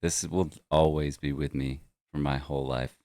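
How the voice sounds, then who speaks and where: A man with a very low voice hosts a relaxed chat show and laughs easily. The sound is dry and close. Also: normal speed, no echo. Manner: easygoing, laughs often. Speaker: podcast host. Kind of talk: casual chat.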